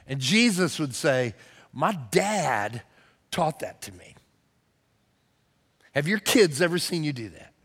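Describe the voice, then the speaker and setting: A middle-aged man preaching a sermon as pastor, telling a story that swells to loud excited peaks and drops to hushed tones. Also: on the high side. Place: church sanctuary. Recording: long hall reverb.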